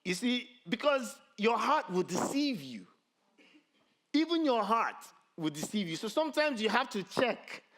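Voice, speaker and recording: Male pastor, middle-aged, high and lively sermon delivery with self-mocking humor. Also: a little slow. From Nigeria. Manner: animated, self-mocking humor, rhetorical "you see".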